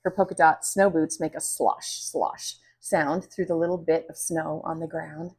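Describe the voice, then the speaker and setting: Breathy woman reading a storybook. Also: low voice, measured pace. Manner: expressive, animated. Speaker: children's book reader. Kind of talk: storybook read-aloud narration.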